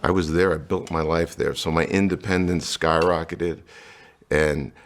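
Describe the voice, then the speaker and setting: A middle-aged man with a low, gravelly voice tells his life story. He speaks candidly and slips into the voices of the people he quotes. He comes from New Jersey. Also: fairly even intonation, normal speed. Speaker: guest.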